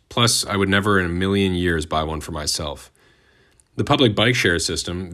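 Low-voiced guy reading his script, bright punchy tone, dry jokes tossed in. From United States. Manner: wry, sardonic asides. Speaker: host. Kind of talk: scripted narration.

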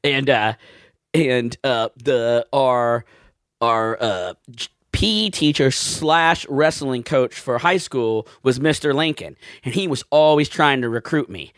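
A man's voice: mid-range voice, takes it slowly, fairly bright tone, no echo, clean studio sound. A young man casually telling a joking story on a podcast. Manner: joking, laid-back storyteller. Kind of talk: casual chat.

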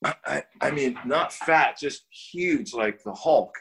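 This older man, interviewed as a guest, recounts something from his own life with a creaky, mid-range voice at a slow pace. His telling is loose and lively, full of restarted words and little chuckles.

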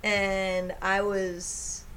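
A woman co-hosting a casual chat, telling stories in an animated way and laughing often. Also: mid-range voice, drawn-out words, slight background noise. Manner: animated storyteller, acts out shouted quotes, laughs often. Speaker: podcast co-host.

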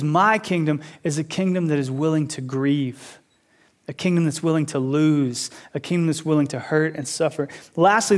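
A man preaching a sermon as pastor, building to loud repeated appeals and then dropping low and quiet, with casual asides and voiced objections.

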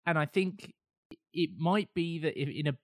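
A man with a somewhat higher voice, speaking in a measured, hesitant way with frequent restarts. The recording is dry and close. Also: no echo. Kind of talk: casual film chat.

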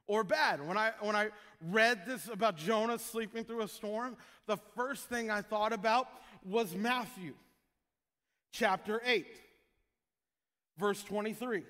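High, bright-voiced preacher in a hall. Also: male voice, measured pace. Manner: joking, jumps to loud shouted prayer impressions. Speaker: pastor. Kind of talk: sermon.

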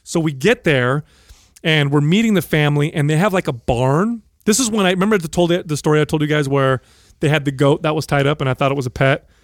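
A man's voice: quick pace, no echo, studio quality. A man co-hosting a podcast, telling a long family story with lots of swearing and acting out the people he quotes. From USA. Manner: acts out quoted people with raised pitch, swears freely. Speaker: podcast co-host. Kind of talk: animated storytelling.

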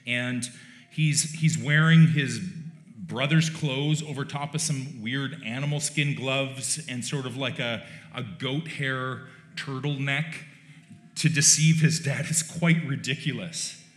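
Dude preaching casual and wry, mid-pitch voice, big echoey room. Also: male voice, slow pace, a bit bright. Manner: conversational and wry, with joking asides. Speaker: pastor. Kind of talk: sermon. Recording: roomy church echo.

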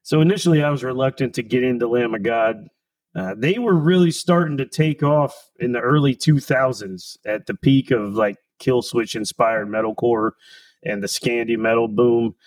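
A man co-hosting a metal podcast, telling a relaxed personal story about his favorite album. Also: mid-range voice, normal speed, no echo, poor audio. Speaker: podcast co-host. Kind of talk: casual podcast chat.

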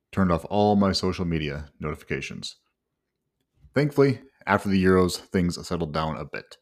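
A man from England telling his own story in the first person, wry and self-mocking. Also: sits low.

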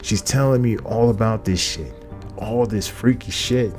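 A man's voice: lowish voice, measured pace, darkish tone, soft background music. A man hosting a podcast in a casual comedic monologue, profane and rambling, repeating his phrases. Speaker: podcast host.

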